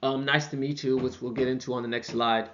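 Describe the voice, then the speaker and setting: A man teaching a beginner language class in a relaxed, chatty way. He slows down and repeats example phrases for the students. The recording sounds dull and lo-fi. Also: medium pitch, a little hiss or hum.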